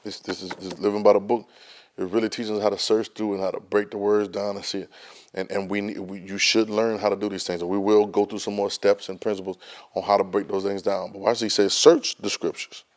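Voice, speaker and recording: A man's voice: lowish voice, level tone, fast. A man teaching a Bible study class, emphatic and folksy, often repeating words as he restarts a thought. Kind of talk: Bible study lesson, preaching.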